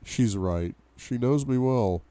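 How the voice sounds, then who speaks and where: A man's voice: mid-range voice, lively intonation, takes it slowly, warm tone, no room sound. A young man reading a novel aloud for a book club, with asides to his viewers. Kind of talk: audiobook-style reading.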